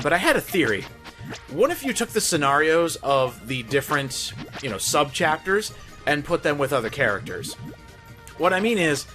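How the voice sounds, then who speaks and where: A man hosting a let's play, talking through the game in a goofy, self-mocking way. His voice sits a bit high and leaps lively up and down, with game music playing clearly underneath. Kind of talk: gameplay commentary.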